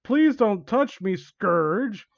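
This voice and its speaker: A man's voice: high-pitched, expressive, drawn-out words, dry recording, highs cut off, pitched above the performer's own voice, full character voice. A man voicing a pleading, scared young woman.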